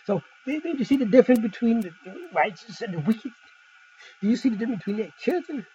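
Emphatic man preaching, lively swinging pitch. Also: fast, husky, muffled recording. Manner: emphatic, wide swings in pitch and loudness, rhetorical questions; folksy asides and storytelling. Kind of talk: informal sermon on scripture.

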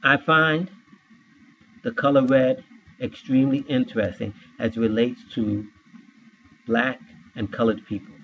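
A man's voice: mid-range voice, level tone, unhurried, long pauses. Man, scripture teacher, spells words out, asks questions; muffled, slightly noisy recording. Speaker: Bible teacher.

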